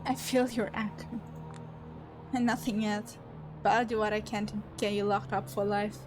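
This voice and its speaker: A woman voicing a hateful, mocking, androgynous woman with a raspy, detached voice, from a story game she reads aloud. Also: medium pitch, flat delivery, moderate pace, music in the background, close to an everyday voice, low-quality recording. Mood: accusing. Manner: cold, taunting.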